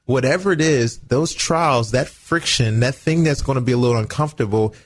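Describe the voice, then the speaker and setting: A man's voice: medium pitch, fairly quick, slight background noise. A man co-hosting a radio talk show, speaking earnestly about faith, family and leadership, with a preachy tone. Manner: earnest, preachy, acts out little quoted exchanges. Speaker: radio show co-host, former football player.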